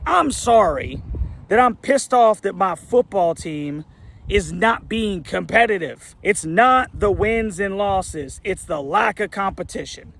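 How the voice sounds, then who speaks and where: Middle-aged male fan commentator, high and gravelly, heated exasperated rant. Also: a bit bright. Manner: heated, exasperated, rhetorical questions.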